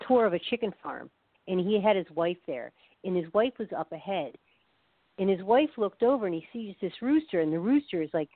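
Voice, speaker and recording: A woman with a fairly low voice appears as a guest expert on the science of love in a casual explanatory interview. She's chatty and tells anecdotes, acting out quoted voices, and the recording is dry and narrow, like a phone line.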